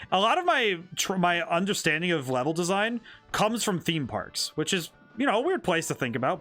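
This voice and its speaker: Streamer man, fairly high and bright, animated, rambling asides over faint game music. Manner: rambling, thinking aloud with many restarts. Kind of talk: casual gameplay commentary.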